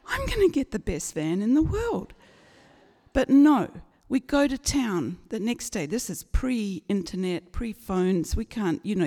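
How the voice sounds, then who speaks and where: A woman telling a humorous personal story, animated and acting out the people in it. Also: mid-range voice. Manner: lively, animated, acts out the people in her story. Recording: long reverberant hall.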